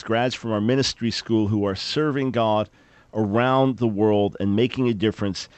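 An older male radio host with an animated, emphatic delivery. He repeats words as he gets going and pushes warmly into each appeal. His voice is recorded close and dry, as in a studio. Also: medium pitch, dry recording. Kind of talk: radio talk show with fundraising appeal.

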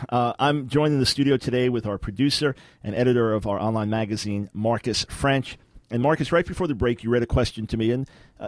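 A man's voice: mid-range voice, a little mellow, dry recording. A man hosting a radio talk show, teaching in an emphatic, lecturing way with rhetorical questions, speaking from a radio studio.

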